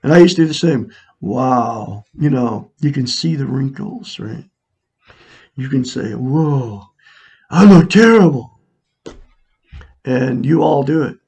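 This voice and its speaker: 60-something guy preaching self-help to his viewers, raspy gravelly voice, keeps repeating himself. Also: medium pitch, measured pace, darkish tone. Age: 60s. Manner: earnest, repetitive, preachy. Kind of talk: casual monologue to viewers. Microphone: camera mic, looking into a mirror.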